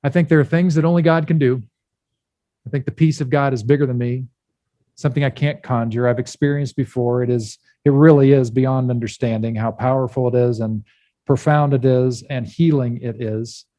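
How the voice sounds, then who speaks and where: A male pastor giving a candid sermon, speaking with pauses and restarts. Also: mid-range voice, fairly even intonation, dark tone, no echo. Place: church.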